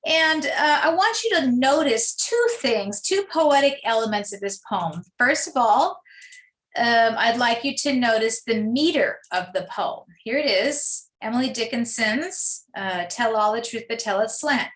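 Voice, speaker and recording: A woman teacher giving a poetry lesson, reading verse aloud slowly and explaining it in a gently instructive way over a computer mic. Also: a little high, lively intonation. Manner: slow, deliberate, gently instructive. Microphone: computer mic, screen-share lesson.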